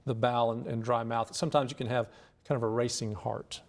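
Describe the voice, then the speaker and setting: Urologist guest, male, quick delivery with a gravelly edge, patient and explanatory. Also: medium pitch. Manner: calm explanatory, with frequent restarts. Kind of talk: explaining medical topic in a talk show interview.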